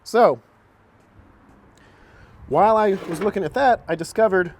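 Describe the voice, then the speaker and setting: A man's voice: high voice, a little slow, slight background noise. A man casually talking through a car repair in a vlog, chatty and self-mocking, recorded outdoors by a truck on a camera mic. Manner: chatty, self-mocking, gets long-winded.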